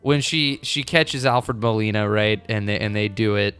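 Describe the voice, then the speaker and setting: Casual male podcast co-host, animated. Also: fairly low pitch, normal speed, clear, resonant tone, soft background music. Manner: animated, swears casually, acts out quoted lines. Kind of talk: casual movie review chat.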